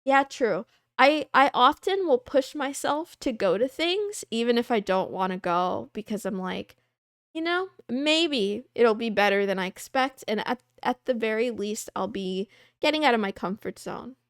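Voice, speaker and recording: A young woman with a fairly high voice chats casually on her livestream, reading and answering viewer questions. She rambles softly, teases herself, and drifts into little playful noises. Her voice sits close and dry on the mic, with no room around it. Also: lively intonation, measured pace, no room sound. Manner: soft, rambling, self-deprecating with giggles and "wah" noises.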